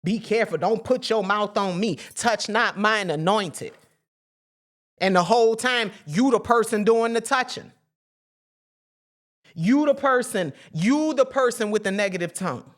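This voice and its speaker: A woman's voice: mid-range voice, measured pace. A woman giving an informal spiritual teaching, emphatic and preachy, swearing freely in slangy talk and repeating phrases for emphasis.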